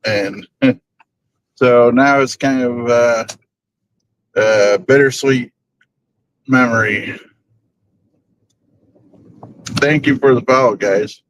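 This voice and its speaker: A man's voice: mid-range voice, very slow, long pauses, slight background noise, rough recording. A man hosting a paranormal group's live stream, chatting casually from his car on the way to work, rambling and chuckling often. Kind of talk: casual live-stream chat while driving.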